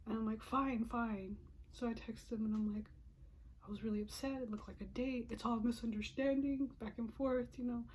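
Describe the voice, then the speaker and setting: A woman's voice: a little high, fairly even intonation, a little mellow, a little hiss or hum. A woman in her twenties telling a personal story to her viewers in a casual, emotional way, often dropping into whispered asides and sighs. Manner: frequent sighs and breathy pauses.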